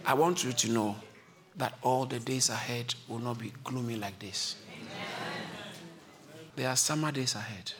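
A man preaching a sermon in a church, exhorting and repeating his point, moving from low calm passages to shouted peaks. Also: measured pace, pauses often. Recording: live church crowd responding.

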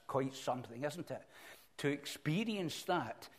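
A middle-aged man preaching a sermon in an earnest, reflective way, often pausing and restarting his sentences. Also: mid-range voice.

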